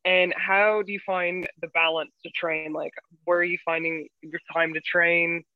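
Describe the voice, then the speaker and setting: A woman's voice: on the low side, little pitch movement, measured pace, no echo. A woman co-hosting a casual chat, earnestly asking questions. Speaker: podcast co-host. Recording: dry, tinny phone-like line.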